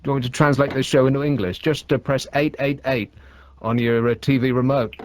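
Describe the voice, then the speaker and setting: A man's voice: mid-range voice, fairly even intonation, moderate pace. A man hosting a late-night radio phone-in, talking in a dry, sarcastic, rambling way. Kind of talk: casual radio chat. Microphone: studio microphone.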